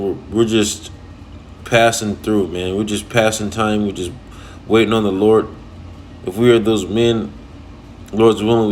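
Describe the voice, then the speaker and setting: Man preaching loosely from scripture. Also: fairly low pitch. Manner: reads verses slowly, then explains loosely with "you know" and "man". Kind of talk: informal scripture teaching.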